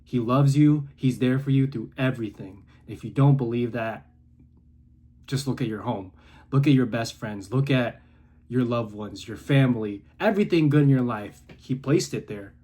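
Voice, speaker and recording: A man in his early twenties giving an intense, preachy motivational monologue to camera in his room, swinging from quiet to loud. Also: mid-range voice, moderate pace, slightly rough. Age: 20s. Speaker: content creator.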